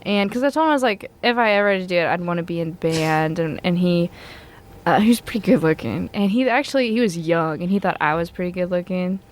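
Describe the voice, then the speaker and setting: A woman's voice: on the low side, lively intonation, fast, a little hiss or hum. A young woman co-hosting a student podcast, telling a rambling story in casual chat and laughing a lot. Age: young adult.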